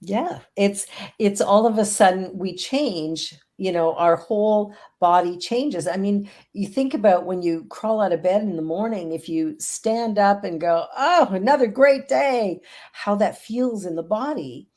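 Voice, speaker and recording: A middle-aged woman with a mellow, medium-pitched voice speaks a little slowly in a casual video-call chat. Her manner is earnest and upbeat, and she talks about prayer and affirmations.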